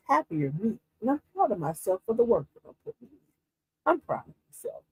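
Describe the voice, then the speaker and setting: Husky, animated older woman hosting a stream. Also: mid-range voice, dry recording. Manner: animated storyteller, laughs often; slow, emphatic reading of affirmations. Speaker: livestream host. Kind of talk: casual motivational livestream talk.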